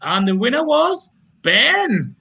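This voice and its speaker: A man's voice: extremely high pitch, sing-song, slow, creaky, crowd noise. A man with a Geordie accent hosting a pun contest, chatty and teasing, with self-mocking banter. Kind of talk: casual banter.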